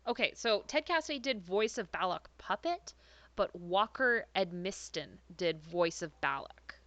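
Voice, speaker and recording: A woman's voice: mid-range voice, animated, a little slow, a bit bright, dry recording. A woman co-hosting a podcast, recapping an episode in casual chat, chatty and laughing often, with plenty of hesitant fillers. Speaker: podcast co-host. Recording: slightly dull lo-fi podcast audio.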